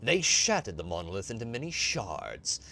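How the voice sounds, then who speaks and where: A man voicing an ancient alien Harlequin mystic in a low, hushed, grave voice, reading a game aloud. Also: sing-song, moderate pace, vocal fry, exaggerated voice.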